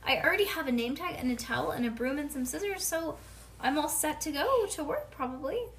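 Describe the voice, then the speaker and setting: A woman's voice: high-pitched, lively intonation, fairly quick, fairly bright tone, slight background noise, voice pushed up. Junie B.: a woman doing an eager bossy little girl. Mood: boastful. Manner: boastful, chattery, eager. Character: excitable bossy little girl, kindergarten age. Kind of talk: bedtime read-aloud.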